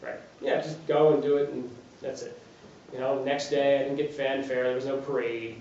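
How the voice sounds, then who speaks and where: A man's voice: mid-range voice, fairly even intonation, normal speed, a little mellow, slight background noise. Chatty New man, far and echoey. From New Jersey. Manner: chatty, uses rhetorical questions and acted-out quotes. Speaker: fitness trainer giving a talk. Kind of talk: informal talk to a small audience. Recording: distant, very echoey, dull lo-fi recording.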